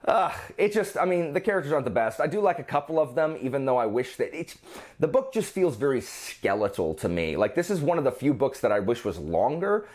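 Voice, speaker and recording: A man talks through his monthly reading in a loose, chatty book vlog. His pitch swings widely and animatedly as he goes. He rambles, doubles back and restarts sentences mid-thought. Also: big pitch swings, brisk, darkish tone. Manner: rambling, self-interrupting, frequent restarts. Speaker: book reviewer. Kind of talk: casual book review vlog.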